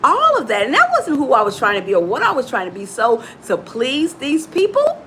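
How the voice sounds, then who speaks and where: A middle-aged woman from Chicago, a motivational coach giving an animated, preachy talk straight to her listeners. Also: high voice, a little fast, slight background noise, rough recording. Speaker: motivational coach and podcast host.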